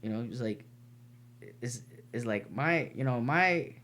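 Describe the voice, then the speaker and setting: A man's voice: mid-range voice, animated, a little slow, fairly bright tone. Brief: podcast man, martial arts teacher, earnest rambling storyteller, swears freely. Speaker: podcast co-host. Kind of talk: casual podcast chat.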